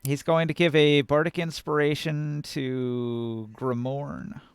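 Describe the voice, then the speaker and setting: A man's voice: on the high side, slow pace, clean tone, dry recording. A man running a tabletop game as game master, casually narrating the action and sound effects. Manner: casual, animated narration with counting and sound words.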